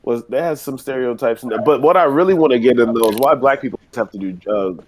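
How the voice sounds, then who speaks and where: A man's voice: medium pitch, fast, darkish tone. A man co-hosting a casual group discussion, rambling and playful as he argues by example. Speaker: podcast co-host.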